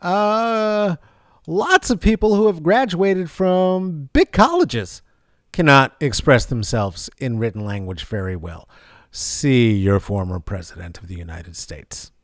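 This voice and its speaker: A man's voice: mid-range voice, expressive, slow pace, no room sound, studio quality. A man hosting a sarcastic, rambling comedic news commentary with many fillers. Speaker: vlog host.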